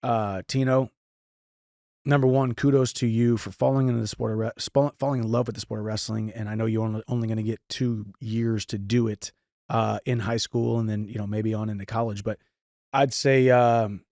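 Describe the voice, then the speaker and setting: A man's voice: on the low side, steady tone, normal speed, darkish tone, no echo, studio quality. A man in his thirties from St. Louis, hosting a podcast and giving casual, earnest advice with frequent restarts. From St. Louis, Missouri. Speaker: podcast host answering listener questions.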